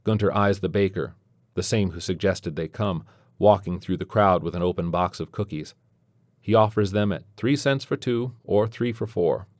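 A man narrates a story in a deep, low voice. The sound is close and dry with no room around it. He keeps a steady storyteller's pace. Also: normal speed, no echo. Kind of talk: scripted narration.

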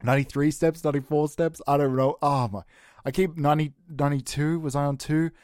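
A man hosting a comedy podcast, improvising a bit in a theatrical, overwrought way. His voice drops to a hushed mumble, then leaps into a high, mock-tearful wail. The sound is close and dry, with no room echo. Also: fairly even intonation, brisk. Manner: melodramatic, swings between hushed mumbling and high mock-crying.

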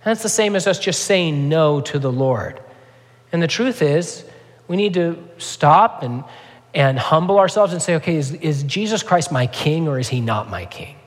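Pastor, male, slightly high voice, earnest conversational preaching, church hall echo. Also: expressive, normal speed. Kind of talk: sermon.

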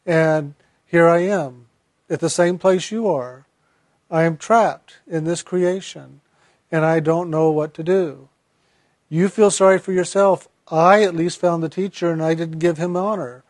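A man's voice: fairly high pitch, steady tone, a little slow, a little mellow, dry recording, clean studio sound, close to an everyday voice. A man voicing a regretful male soul who earnestly confesses that he ignored his teacher.

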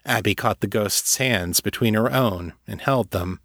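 A man narrating serial fiction in a measured, even reading. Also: lowish voice, no room sound, clean studio sound.

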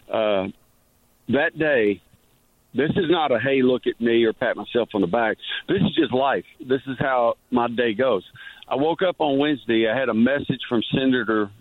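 A man calling in as a radio guest, rambling through stories with animated energy. His voice comes through a tinny phone line, completely dry, at a middle pitch for a man. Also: no echo. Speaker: guest journalist. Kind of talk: casual radio chat.

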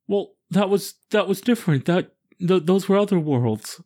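A man running a tabletop game, speaking haltingly as he searches for words. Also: high voice, expressive, dark tone. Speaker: game master. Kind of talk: tabletop role-play.

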